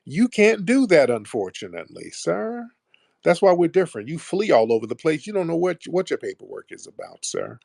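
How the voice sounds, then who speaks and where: A man's voice: fairly high pitch, big pitch swings, a little fast, vocal fry, darkish tone, dry recording, studio quality. A man hosting a heated call-in debate, mocking and combative, talking over his caller. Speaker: host.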